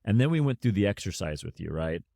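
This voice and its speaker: A man hosting a podcast, talking in a relaxed, casual way with hesitations. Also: fairly low pitch, fast, vocal fry, dry recording, studio quality. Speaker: podcast host.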